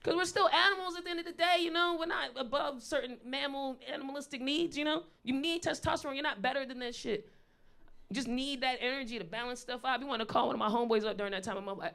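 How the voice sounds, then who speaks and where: On a live stage, a woman in her thirties performs stand-up in a high, creaky, fairly bright voice at a quick pace. She tells her stories bluntly and profanely in a conversational way.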